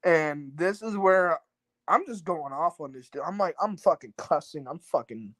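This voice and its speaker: This man, a talk-show guest, spins a meandering, profane story full of fillers, performing the lines of the people he quotes. His slightly high voice is expressive and fairly bright at a normal speed, recorded poorly but without echo.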